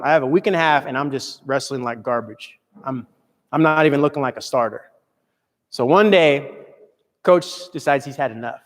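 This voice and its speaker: A young man, a motivational speaker, telling a personal story with earnest, dramatic swings between loud and soft. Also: a little high, long reverb tail. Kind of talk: storytelling talk to an audience.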